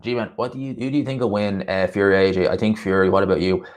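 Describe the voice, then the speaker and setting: A chatty man hosts a boxing livestream, rambling loosely through viewer comments with frequent laughs. His voice sits fairly low. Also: fairly even intonation, fast talker. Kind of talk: casual chat reading viewer comments.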